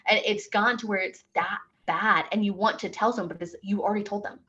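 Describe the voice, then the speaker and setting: A woman's voice: mid-range voice, brisk, sharp tone. A woman hosting a podcast, chatting casually and often trailing off mid-thought before asking her guest questions. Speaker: podcast host. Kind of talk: casual interview chat. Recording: dull recording with faint noise.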